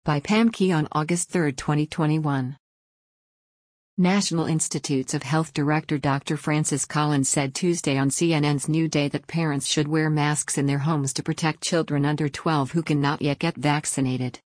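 A woman reading a news article aloud in an even, measured way. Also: deep voice, dry recording, clean studio sound. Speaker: article reader.

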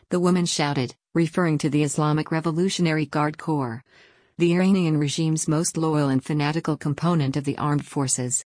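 Low-voiced woman reading a news article. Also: fairly even intonation, fairly quick, darkish tone, dry recording, clean studio sound. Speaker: news reader. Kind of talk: scripted news narration.

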